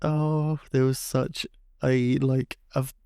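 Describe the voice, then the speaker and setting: A man, co-hosting a podcast and telling a childhood story in an animated, chatty way. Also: takes it slowly, clear, resonant tone, no echo, studio quality. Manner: animated, acts out voices with big pitch jumps. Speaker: podcast co-host. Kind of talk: casual storytelling chat.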